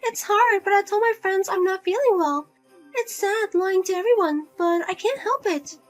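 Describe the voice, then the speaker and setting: Over soft background music, a woman with a very high-pitched voice speaks at normal speed as a pushy, self-pitying widowed mother in a narrated drama. She nags and whines, guilt-tripping her daughter and repeatedly asking for money.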